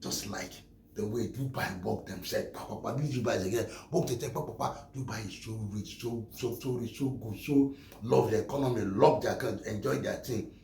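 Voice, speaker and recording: A man's voice: fairly low pitch, normal speed, vocal fry, dark tone, roomy sound, slight background noise. A Nigerian man giving impassioned commentary, emphatic and repeating his phrases for force.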